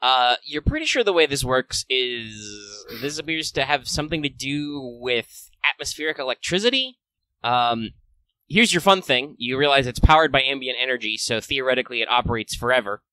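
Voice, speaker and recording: A man's voice: medium pitch, lively intonation, moderate pace, sharp tone, clear, resonant tone, no echo. A man narrating a tabletop game as game master, in a loose, rambling way with lots of fillers.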